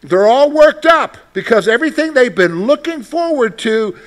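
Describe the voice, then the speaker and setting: A man's voice: extremely high pitch, big pitch swings, normal speed. A male pastor preaching a sermon in a conversational way, asking the listeners questions and reading from scripture. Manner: conversational, asks the congregation questions.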